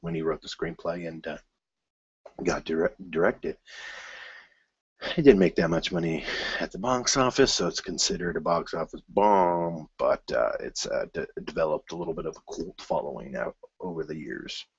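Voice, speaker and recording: A man hosting his own film news show, rambling casually with many fillers and restarts and bursts of excitement. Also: low-pitched, normal speed, husky, dry recording, lo-fi sound.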